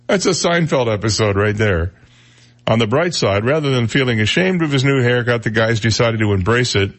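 A man's voice: medium pitch, animated. A man hosting a casual radio talk show, telling odd news stories with jokey asides. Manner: chatty storyteller, jokey asides, quick impressions. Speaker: radio host.

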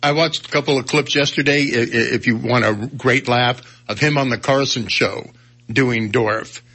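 A man's voice: mid-range voice, steady tone, normal speed, pushed and bright. A man co-hosting a radio show, telling anecdotes in casual chat and backing the host with murmurs. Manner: anecdotal, frequent affirming murmurs.

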